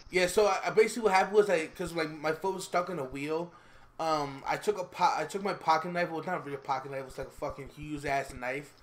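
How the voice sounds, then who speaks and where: A man telling his side of a story in casual chat, halting and restarting, with lots of fillers. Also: a little high, steady tone. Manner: halting, stammering, many fillers.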